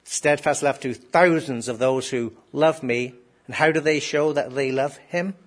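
A man's voice: mid-range voice, unhurried. A man preaching a sermon to a congregation in a conversational way, often asking rhetorical questions. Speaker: pastor.

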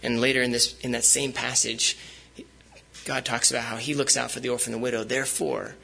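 A man's voice: mid-range voice, little pitch movement, a little fast, vocal fry, bright, forceful tone, husky, poor audio. A man preaching a sermon as pastor, speaking conversationally with frequent fillers and restarts.

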